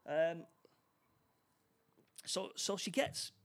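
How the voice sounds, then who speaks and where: A man chatting casually as he recaps a film plot, stumbling over restarts and acting out the characters' lines. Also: on the high side. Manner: halting, many restarts, acts out lines.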